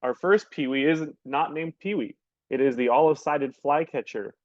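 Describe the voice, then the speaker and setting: A birding guide giving a casual slideshow lecture over a video call, relaxed and full of ums and uhs. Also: male voice, medium pitch, normal speed, no room sound. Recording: dull, dry lo-fi sound.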